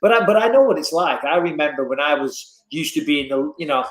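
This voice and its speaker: An English man telling stories in a casual podcast chat as a fight commentator, animated and swinging his voice up and down. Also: fast, echoey room. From England. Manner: animated storyteller, lively swings in pitch and loudness.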